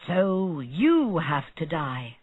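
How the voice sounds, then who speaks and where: A narrator voicing a weary, stern male judge giving flat verdicts, in a narrow phone-like recording. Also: mid-range voice, very slow, dry recording, full character voice.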